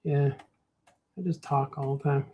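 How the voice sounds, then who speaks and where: A man's voice: mid-range voice, steady tone, measured pace, a little mellow, slightly rough. A man with a Chicago accent, chatting casually and rambling to himself while he draws on a livestream, tossing in "man" a lot. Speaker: cartoonist streaming while drawing.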